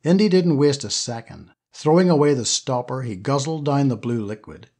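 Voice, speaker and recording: A man narrating an adventure novel as an audiobook reader, telling the story in a steady, lively way. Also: mid-range voice, moderate pace, slightly rough. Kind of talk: scripted narration.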